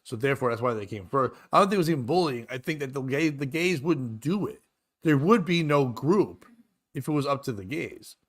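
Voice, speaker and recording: A man's voice: medium pitch, lively intonation, brisk. Male podcast host, 30s, casual and rambling, crude humor. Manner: rambling, jokey, swearing, often laughing. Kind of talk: casual comedy chat.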